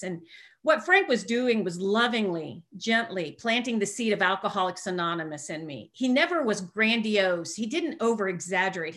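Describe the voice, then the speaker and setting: Bright-voiced woman telling a comic life story. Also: medium pitch, animated. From East Tennessee. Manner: self-mocking storyteller, comic asides, quick quoted voices. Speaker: recovery speaker. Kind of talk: personal story told to a meeting.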